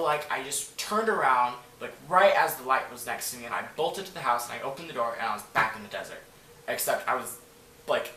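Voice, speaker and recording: A man's voice: mid-range voice, bright, forceful tone. A man telling a story to camera in a casual, rambling way, full of "like" and swearing. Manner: rambling, filler-heavy, swears freely. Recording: echoey room, voice from a distance, faint noise.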